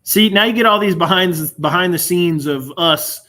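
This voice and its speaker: A man's voice: high voice, moderate pace, sharp tone. Easygoing young male news anchor. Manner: easygoing, laughs along. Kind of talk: casual off-air banter.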